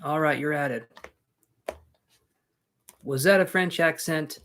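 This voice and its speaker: A man's voice: a little high, slow, a bit bright. Chatty man giving live tarot readings. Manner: casual, chatty, joking asides to viewers. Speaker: tarot reader.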